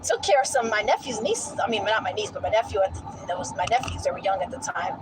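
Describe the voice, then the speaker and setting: A woman vlogging in a casual storytelling rant, animated and incredulous, often breaking into laughter. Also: medium pitch, fast, noisy background.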